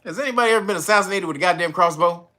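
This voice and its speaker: Laughing and cursing at a news story, a man rattles off rapid-fire, incredulous commentary and mocks the officials by imitating them sarcastically. His voice sits high and sounds pushed and bright.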